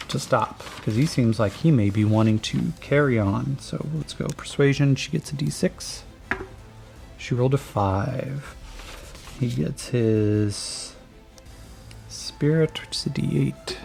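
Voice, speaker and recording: A man's voice: medium pitch, creaky. A man narrating as game master of a tabletop game, talking in a laid-back, rambling way with many fillers. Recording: soft background music.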